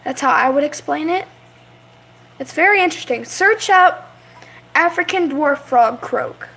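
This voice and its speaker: Young woman vlogger, high voice, slow unhurried rambling chat. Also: lively intonation, gravelly, fairly bright tone. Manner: rambling, chatty, coos at her pets. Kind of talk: casual vlog chat.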